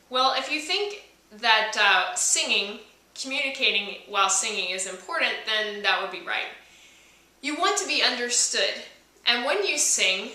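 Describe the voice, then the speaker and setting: A woman's voice: medium pitch, pushed and bright. A woman who is a voice teacher, explaining singing technique to camera in a friendly way. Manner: friendly explaining, with sung demonstrations. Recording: echoey room, mic far off.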